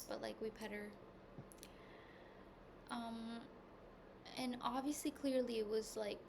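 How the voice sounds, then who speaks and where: A woman's voice: on the high side, vocal fry. Rambling woman telling a personal story. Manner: rambling and candid, heavy use of "like", swings between hushed and loud. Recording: noisy background hiss.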